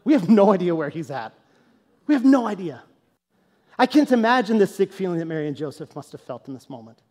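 A man preaching a sermon as a pastor, telling a story in an animated, conversational way and then teaching in a more earnest, quieter tone. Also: high voice, brisk. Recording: long hall reverb.

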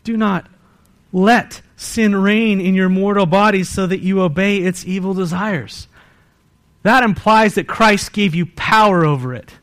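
A man with a high voice delivers a sermon as pastor of his church. His delivery swings from loud, rising bursts to quiet, hushed emphasis. He leans on rhetorical questions aimed straight at his listeners. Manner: pleads with rhetorical questions to the congregation. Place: church service.

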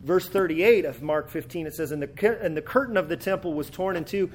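A man's voice: fairly high pitch, a little fast. A man preaching a sermon in a conversational way, often restarting his words as he explains a passage. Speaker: pastor.

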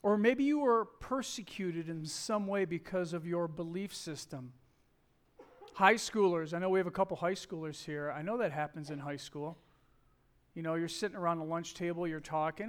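A man's voice: high-pitched, moderate pace. A middle-aged man preaching a sermon, telling a personal story in a conversational way and acting out the quoted dialogue.

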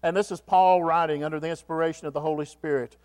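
A man's voice: on the high side, steady tone, fast talker, a little mellow. A man preaching a sermon as pastor, asking the congregation questions and repeating key phrases for emphasis. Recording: long hall reverb.

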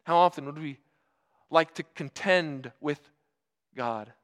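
A man preaching a sermon, earnest and emphatic, asking rhetorical questions and slowing down for dramatic pauses. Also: on the high side.

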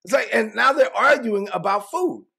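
Gravelly high-voiced preacher man. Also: moderate pace. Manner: animated, acts out biblical dialogue in casual slang. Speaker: pastor. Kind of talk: sermon.

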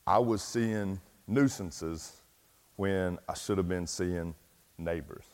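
Low and slow, with a slightly mellow quality, a middle-aged pastor from East Tennessee pokes fun at himself in a folksy sermon loaded with fillers. The audio carries the long reverb of a large hall.

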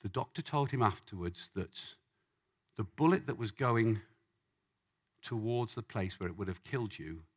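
A man preaching a sermon as a lively story, acting out the voices of the people in it. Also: on the low side, normal speed, pauses often, breathy edge. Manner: animated, acts out voices in the story.

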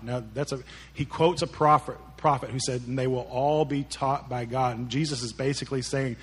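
A man's voice: mid-range voice, steady tone, normal speed, breathy edge. A man preaching a sermon, retelling stories in a conversational way and acting out the characters' lines, often repeating words as he goes. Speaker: pastor.

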